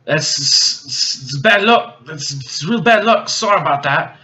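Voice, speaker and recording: A man's voice: on the high side, lively intonation, measured pace, bright, forceful tone, lo-fi sound, voice pushed up. A drunk man voicing a cocky, scheming male rogue who brushes things off with careless, offhand apologies. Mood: flippant.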